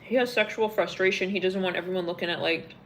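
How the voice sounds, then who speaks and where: A woman's voice: on the low side, steady tone, fast talker, fairly bright tone, slight background noise. A young woman doing a casual live tarot reading, rambling and blunt, full of filler words and swearing. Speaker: tarot reader.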